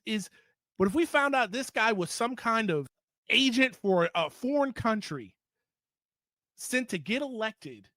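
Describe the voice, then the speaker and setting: A man's voice: sits high, pushed and bright, no room sound. A man giving an opinionated political commentary monologue, heated and emphatic, repeating points for stress.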